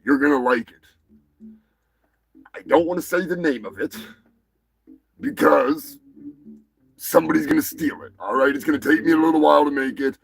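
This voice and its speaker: Gravelly man ranting and cursing. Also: fairly high pitch. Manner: crude, ranting, swears constantly, shouts in bursts. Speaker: show host. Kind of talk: profane live-stream rant.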